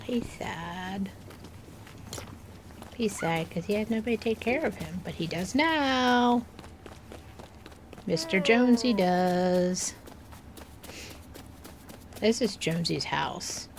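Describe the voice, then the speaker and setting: A woman talks her way through a building game in a slow, easygoing way, her voice pitched in an ordinary middle range. She coos at the animals on screen and now and then sinks to a soft near-whisper. Faint noise hums under the recording. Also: animated, vocal fry. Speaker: gaming video creator. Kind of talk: casual gameplay commentary.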